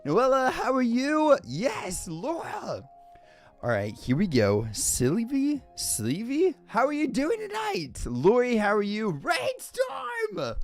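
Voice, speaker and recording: A man hosting a live stream, greeting viewers by name in a lively, exclaiming way and chatting casually. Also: very high-pitched, takes it slowly, soft background music. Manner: energetic, greets chat by name with loud exclamations. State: a little winded.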